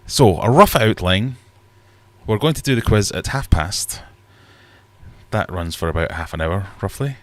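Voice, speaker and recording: A man's voice: lowish voice, animated, unhurried, dry recording. A man hosting a casual livestream from his fish room, rambling and self-deprecating as he reads chat aloud. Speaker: livestream host.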